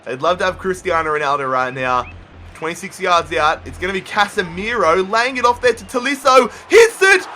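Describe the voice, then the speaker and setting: A man commentating his own football video game match, muttering through tense play and yelling at big moments. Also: high-pitched, fairly quick, a little hiss or hum. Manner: swings from muttering to shouting at goals. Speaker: gaming YouTuber. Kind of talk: excited play-by-play gaming commentary.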